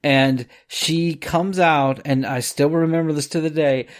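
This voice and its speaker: A man co-hosting a podcast, ranting casually and swearing as he gets animated. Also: on the high side, a little slow. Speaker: podcast co-host. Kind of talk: late-night casual rant.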